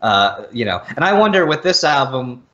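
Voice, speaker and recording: A man's voice: medium pitch, very animated, normal speed, sharp tone, lo-fi sound. An American man in a casual music chat, easygoing and repeating words as he starts his thoughts. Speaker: co-host.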